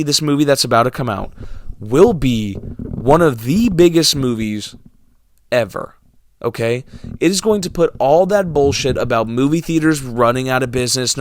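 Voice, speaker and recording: This young movie vlogger, medium-pitched and recorded with studio quality and no echo, rants casually to viewers about movies and cinemas. He sounds sarcastic and exasperated, trailing into mumbles and then flaring up.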